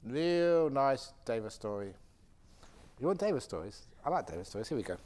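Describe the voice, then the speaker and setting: Male Buddhist teacher, retreat Q&A, chatty anecdotal delivery, average pitch. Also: normal speed. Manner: animated anecdotal storytelling with frequent laughter. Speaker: Buddhist monk and meditation teacher. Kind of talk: retreat question-and-answer talk. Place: meditation retreat centre hall.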